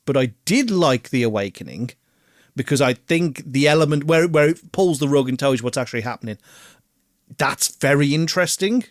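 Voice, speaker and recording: A man, co-hosting a casual album review podcast, animated, swearing freely and laughing often. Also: a little high, no echo, studio quality. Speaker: podcast co-host.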